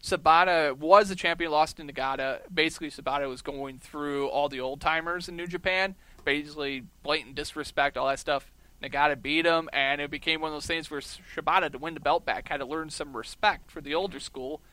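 Bright-voiced joking podcast guy. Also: on the high side, fairly even intonation, no echo. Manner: joking, quick recaps of wrestling matches. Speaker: podcast co-host. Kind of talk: casual podcast chat.

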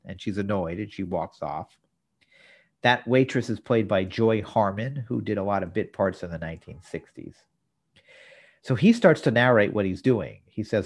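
A man's voice: lowish voice, expressive, moderate pace. A man co-hosting a podcast, retelling a sitcom episode's plot in detail with dry asides. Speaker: podcast co-host. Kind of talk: casual episode recap.

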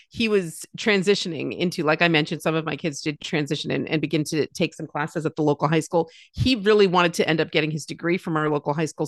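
A woman's voice: low-pitched, no room sound, studio quality. A woman in her fifties, a mother with grown children, telling stories in casual conversation, often acting out what others said. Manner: warm storyteller, lively quoted voices, many restarts. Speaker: podcast guest.

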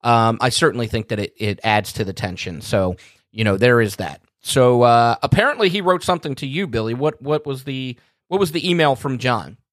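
A relaxed man hosts a casual podcast conversation and often chuckles. His voice sits at a middle pitch. It is recorded close and dry, with no room sound. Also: a little fast, no echo. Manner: easygoing, laid-back, laughs often. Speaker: podcast host.

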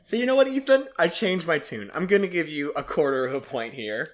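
Guy hosting a movie podcast, kinda high voice, laughs a lot, joking around. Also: fairly quick. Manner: laughs often, jokey and animated. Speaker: podcast host scoring predictions. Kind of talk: casual movie-review chat.

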